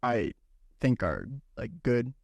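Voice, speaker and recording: A man's voice: medium pitch, huge pitch swings, slow, gravelly, dry recording. Laid-back young man, "bro" talk. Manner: laid-back storytelling, says "bro" and "dude". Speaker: podcast co-host. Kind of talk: casual chat.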